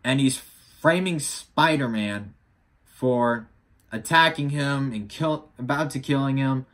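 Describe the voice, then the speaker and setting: A man's voice: medium pitch, slow, a bit bright. A teenage boy vlogging casually about upcoming films, rambling with frequent restarts. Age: teens. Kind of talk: casual vlog commentary.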